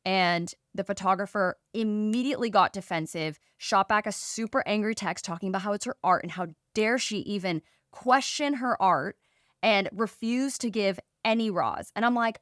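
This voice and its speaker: A woman co-hosting a podcast gives casual advice and animatedly acts out conversations in quoted voices. Her mid-range voice moves at a moderate pace in a studio-quality recording with no room sound.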